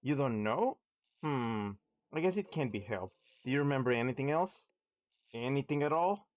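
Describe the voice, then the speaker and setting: A man's voice: medium pitch, expressive, normal speed, close to an everyday voice. A man reading as a pushy mouse detective. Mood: interrogating. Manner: reads game text aloud in his own voice. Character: Detective Pikachu, pushy little mouse interrogator. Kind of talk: reading game dialogue aloud.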